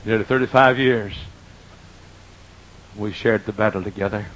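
An older man preaching a folksy sermon in a church, swinging from quiet asides to loud, drawn-out emphasis, with a husky voice. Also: fairly low pitch, steady tone, slight background noise, rough recording. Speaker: pastor. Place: church auditorium.

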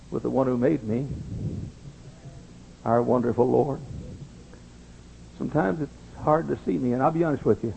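A male pastor preaching a fervent sermon, swinging between hushed, intimate passages and ringing calls. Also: medium pitch, creaky, a little hiss or hum, low-quality recording.

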